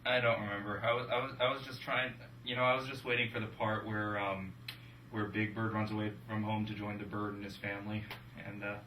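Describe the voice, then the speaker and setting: A young man co-hosting a casual movie-review chat with wry, deadpan jokes. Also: lowish voice, brisk, a little hiss or hum. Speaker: film review podcast co-host. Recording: roomy room from a distance.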